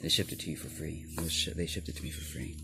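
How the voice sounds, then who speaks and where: A man's voice: rumbling low, quick pace, gravelly. A man chatting casually as a vlogger while unboxing a tool, rambling, correcting himself and swearing often. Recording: loud crinkling and tearing noise.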